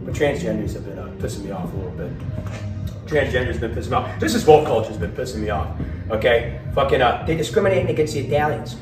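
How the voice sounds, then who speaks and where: A man's voice: medium pitch, animated, fast. Man, stand-up comedy, crude and profane, echoey venue, distant mic, music behind. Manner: crude, profane, swings between mutters and loud punchlines. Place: live venue.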